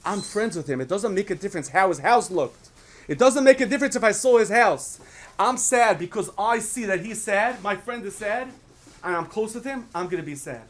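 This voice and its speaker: A man's voice: high-pitched, lively intonation, moderate pace, a bit bright, pitched above the performer's own voice. Brief: man playing a heartfelt, grieving loyal friend, plain voice. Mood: earnest.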